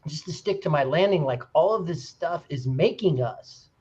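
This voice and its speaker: A man in an earnest group discussion, retelling stories with animated, rising emphasis. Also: a little high, moderate pace, husky, highs cut off. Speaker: discussion participant. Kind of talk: casual discussion.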